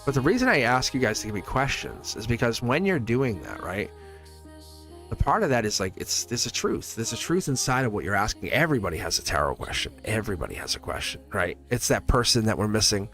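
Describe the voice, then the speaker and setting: A man's voice: lowish voice, big pitch swings, a little fast, fairly bright tone, soft background music. A man reading tarot on a livestream, talking to his viewers in a loose, rambling way with frequent chuckles. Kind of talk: casual livestream chat.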